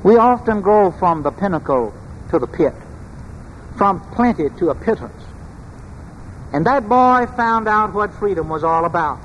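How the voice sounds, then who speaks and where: A man preaching a sermon in a church, speaking in a measured, emphatic way and asking rhetorical questions. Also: high-pitched, lively intonation, a bit bright, lo-fi sound. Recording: long hall reverb, faint background noise.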